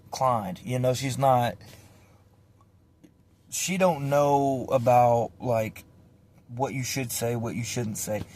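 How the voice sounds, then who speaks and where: Profane, animated storytelling man. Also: medium pitch. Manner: profane, animated, acts out voices. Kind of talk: casual storytime.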